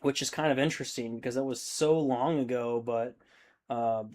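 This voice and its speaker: Guy in his 30s chatting on a hobby stream, laid-back, swears a ton, mid-pitched voice. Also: steady tone, moderate pace, darkish tone. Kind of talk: casual chat reading viewer comments.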